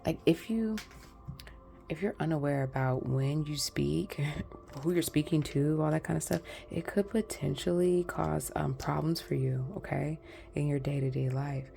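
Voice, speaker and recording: A woman's voice: sits low, fairly even intonation, normal speed, creaky, mellow. A woman giving a casual pick-a-card tarot reading, talking in a rambling, chatty way straight to her viewers. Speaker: tarot reader.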